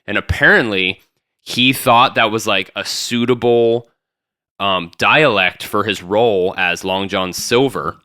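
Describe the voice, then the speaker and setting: Young male podcast co-host, bright, slightly low voice, animated and jokey, dry close mic. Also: measured pace, clear, resonant tone, dry recording. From Tampa, Florida. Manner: animated, jokey, jumps in often, many restarts. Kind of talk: casual chat.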